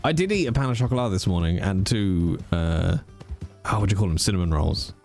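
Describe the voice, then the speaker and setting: A man talks casually over his game stream, his low voice swinging widely in pitch as he rants and swears. Faint music plays behind him. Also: brisk, gravelly. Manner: animated, swears freely, ranting.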